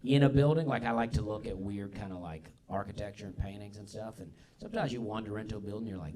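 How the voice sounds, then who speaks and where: A man's voice: lowish voice, animated, fairly quick, noisy background. A man in his thirties with a Southern American accent, hosting a live comedy podcast on stage with easygoing, self-deprecating storytelling. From Alabama. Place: comedy club stage before a live audience. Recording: live audience laughter behind.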